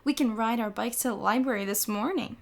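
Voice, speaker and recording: A woman's voice: a little high, brisk, lightly acted. Woman doing a smug, teasing teen girl. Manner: mocking, smug.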